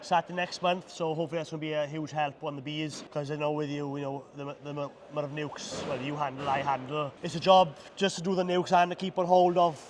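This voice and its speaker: A man's voice: fairly high pitch, steady tone, brisk, hardly any pauses, slight background noise. A Welsh man who runs a beekeeping supply business, answering interview questions modestly, often repeating words as he gets going. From Wales. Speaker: beekeeping supplier and bee farmer, guest. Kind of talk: casual interview chat.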